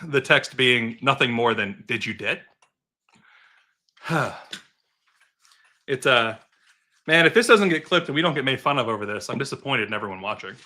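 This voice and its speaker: Bright, animated man with a tired voice. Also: mid-range voice. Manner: playful, quick to laugh, coughing. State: voice giving out. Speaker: co-host. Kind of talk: casual livestream chat.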